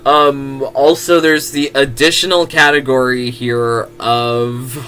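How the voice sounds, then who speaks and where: A man's voice: mid-range voice, steady tone, takes it slowly, sharp tone. A giggly man who laughs often, reading fan fiction aloud with casual comedic comments.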